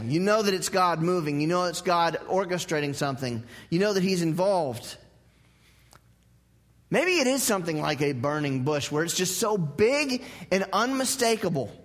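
A man's voice: fairly high pitch, a bit bright, long reverb tail. A male pastor preaching a sermon in a church, conversational and joking, repeating his key phrases. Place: church sanctuary.

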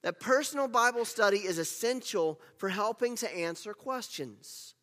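A man's voice: high-pitched, animated, moderate pace, a bit bright, long reverb tail. A middle-aged man, a pastor preaching an earnest sermon in church, with playful self-deprecating asides.

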